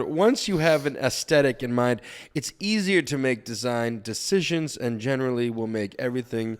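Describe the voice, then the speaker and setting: A man's voice: mid-range voice, animated, moderate pace. A man co-hosting a podcast, reading long tips aloud in a casual, joking way. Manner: reads long tips, laughs and jokes with co-hosts. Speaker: podcast co-host.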